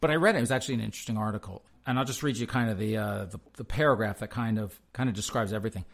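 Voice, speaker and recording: A man's voice: on the low side, very fast, gravelly. A man hosting a talk show, giving sarcastic, rambling commentary as he reads news articles aloud. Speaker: show host. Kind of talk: casual commentary reading articles.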